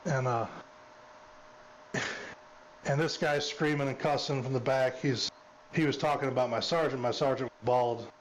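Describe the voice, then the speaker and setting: A man's voice: mid-range voice, slight background noise, rough recording. A former police officer, a man, telling a long story in casual chat, repeating words and "he said" often.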